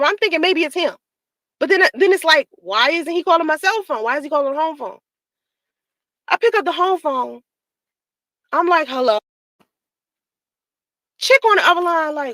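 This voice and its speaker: A woman's voice: very high voice, sing-song, moderate pace, sharp tone, no room sound, poor audio. A woman telling a personal story in a casual, profane way, acting out the dialogue she quotes. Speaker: storyteller in a played clip.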